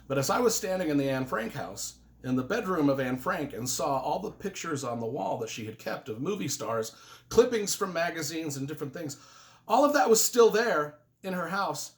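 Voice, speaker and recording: Man, earnest book reviewer, casual and emotional, voice rises and falls a lot; rambles and restarts. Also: fairly high pitch. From United States.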